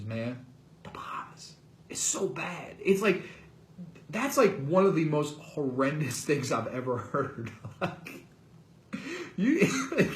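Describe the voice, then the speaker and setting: A man hosting a casual movie review, ranting in an animated, incredulous way and leaning on "like" and "man". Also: mid-range voice, echoey room. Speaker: host.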